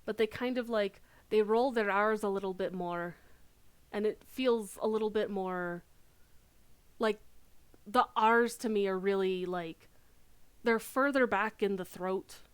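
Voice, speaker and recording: A woman game streamer chatting casually while she plays, excitable and rambling, full of fillers and quick bursts. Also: medium pitch, clean tone. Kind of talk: casual chat while playing.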